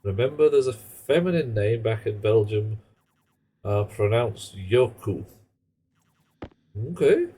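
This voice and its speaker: Male streamer, lowish voice, loose joking asides while he plays. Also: animated, takes it slowly, pauses often, mellow, husky. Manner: rambling, joking, muttering asides. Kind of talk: casual live-stream chat while gaming.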